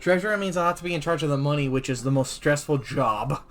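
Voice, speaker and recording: A man's voice: fairly high pitch, fast, soft background music. A man streaming a dating game, chatting casually and goofily reading the game text aloud. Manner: goofy, animated, reads dialogue aloud.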